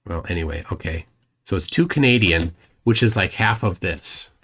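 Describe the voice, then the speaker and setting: Male live-stream host, somewhat low voice, loose rambling delivery full of ums and restarts. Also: expressive, moderate pace, a bit bright, a little hiss or hum. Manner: mocking asides to a rival. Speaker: livestream host. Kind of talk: casual live-stream chat.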